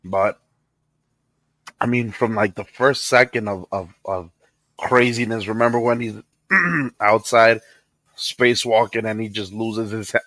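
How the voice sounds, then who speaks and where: A man co-hosting a podcast, chatting casually about a movie he just saw and retelling scenes with excitement. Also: lowish voice, no room sound, low-quality recording. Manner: excitable, retells scenes with acted quotes and laughter. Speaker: podcast co-host. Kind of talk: casual movie review chat.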